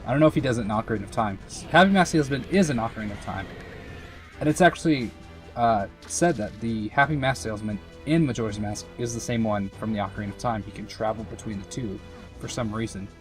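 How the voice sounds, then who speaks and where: A man's voice: on the low side, quick pace, soft background music. A young man giving casual, rambling commentary over a game, full of fillers and self-mocking asides. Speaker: let's play commentator.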